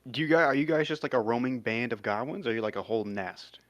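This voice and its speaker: A man's voice: mid-range voice, fast, dull audio. A man playing a tabletop game who speaks casually and a bit hesitantly, often swearing. The sound is dry and close, with no room echo. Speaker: player. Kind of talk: in-character tabletop play.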